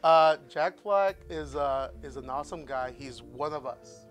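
High-voiced man telling profane stories. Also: measured pace, faint music behind. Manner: profane storytelling, acts out voices. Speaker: guest. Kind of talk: casual podcast chat.

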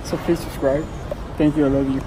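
A man's voice: a little high, level tone, brisk. A young man vlogging casually at the gym, crude and joking in slangy talk. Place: echoey gym. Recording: echoey gym with loud noise.

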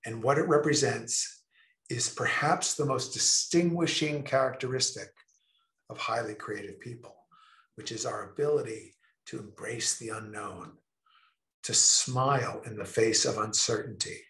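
Emphatic man giving a lively talk. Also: mid-range voice, echoey room. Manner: expressive, emphatic, with drawn-out pauses. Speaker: speaker presenting a creativity session. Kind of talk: lecture-style talk to a remote audience.

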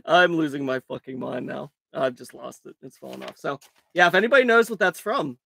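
A raspy-voiced man hosting a live card break, calling out cards in a crude, joking way and laughing often. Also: fairly high pitch, sing-song, normal speed, bright, forceful tone, no room sound. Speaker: host of a live trading card box break. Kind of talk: casual live-stream commentary.

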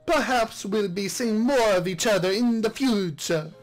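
A woman's voice: extremely low pitch, drawn-out words, a bit bright, faint music behind, pitched below the performer's own voice, full character voice. A man voicing a sweet-talking, scheming noblewoman with an affected put-on accent. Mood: sugary.

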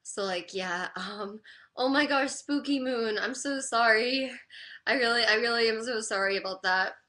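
A crying woman talking haltingly and apologetically on a live stream, full of "like" fillers. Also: on the high side, sharp tone. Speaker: livestreamer reading chat.

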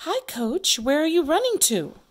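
Cheerful friendly townswoman in a kids' play, read by a woman teacher; raised pitch, animated. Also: moderate pace. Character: cheerful adult woman, Miss Rosa.

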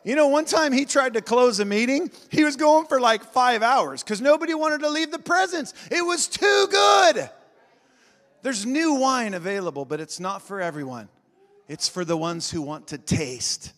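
A man preaching a revival sermon, swinging between shouting and quiet intensity and laughing often. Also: very high-pitched, lively intonation, moderate pace. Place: large church sanctuary. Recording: long reverb of a big hall.

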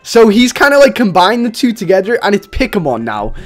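Chatty guy streaming a game, super animated voice, rambly commentary. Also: high-pitched, fairly quick. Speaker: gaming streamer. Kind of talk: live gameplay commentary.

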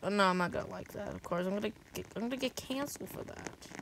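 A woman giving rambling commentary over her own gameplay, often bursting into yells. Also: medium pitch, fast, noisy background. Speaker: gaming video creator. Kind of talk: game commentary.

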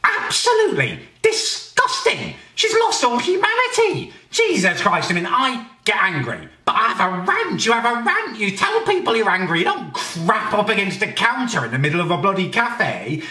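A British man doing a comedic rant, exasperated and swearing, often shouting in indignation. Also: high voice, huge pitch swings, normal speed, hardly any pauses, recorded from a distance. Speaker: comedy ranter. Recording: roomy, a bit off mic.

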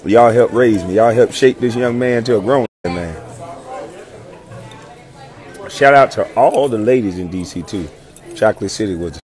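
A man's voice: lowish voice, moderate pace, pauses often, a little mellow, faint music behind. A man in his thirties, a former pro athlete, chatting casually in a playful way, full of slang, repeating himself and laughing as he talks. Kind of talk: casual chat.

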